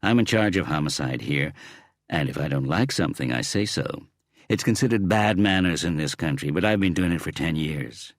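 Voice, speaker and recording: A man's voice: extremely low pitch, expressive, normal speed, no room sound, studio quality. A man voicing a blunt, assertive woman homicide inspector with an American accent. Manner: blunt, loud and clear.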